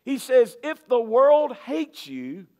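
A male pastor preaching a sermon, emphatic and repetitive, swinging from loud to soft. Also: extremely high pitch, big pitch swings, slow.

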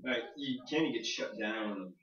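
A man's voice: mid-range voice, moderate pace, a crowd in the background. A man teasing from across the room, speaking dryly. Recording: distant roomy lo-fi capture.

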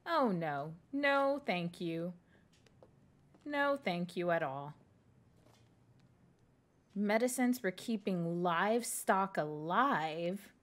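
A woman's voice: fairly low pitch, animated, drawn-out words, long pauses. Jumpy young woman streaming a horror game. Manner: scared and jumpy, whispering and exclaiming, thanking viewers. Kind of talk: live horror game commentary.

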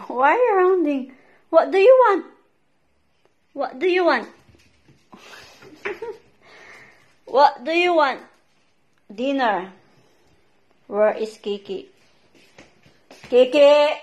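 High slow-talking woman coaxing her dogs. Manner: slow commands, coaxing and scolding; high excited pet-talk when urging. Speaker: vlogger and dog owner.

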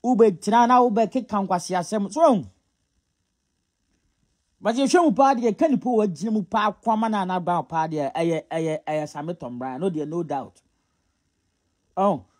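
High, husky Ghanaian man scolding bloggers. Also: moderate pace, long pauses, a little mellow. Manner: scolding, mocking, often laughing; mixes Twi and English. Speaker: gossip commentator. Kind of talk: casual gossip commentary.

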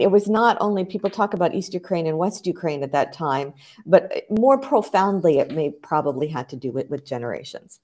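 A woman with a somewhat low voice explains history as an interview guest. She talks in a measured, lecturing way and rises in emphasis when she lands a point. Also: warm tone. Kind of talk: thoughtful interview answer.

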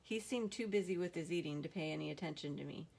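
A woman reads a novel aloud in a steady, measured way. Her voice sits somewhat low for a woman. She tells the story plainly and evenly. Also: gravelly, breathy edge. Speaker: audiobook narrator.

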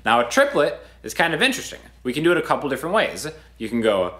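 A man's voice: a little high, sing-song, quick pace, few pauses. A man teaching a guitar lesson in a loose, conversational way, counting beats aloud in rhythm. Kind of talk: casual video lesson. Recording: guitar music under the voice. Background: guitar playing.

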